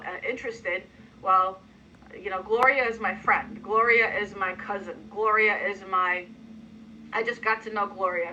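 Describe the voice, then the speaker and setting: A woman giving an energetic coaching talk to a sales team, acting out sample pitches with emphatic delivery. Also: a little hiss or hum, poor audio. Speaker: sales trainer.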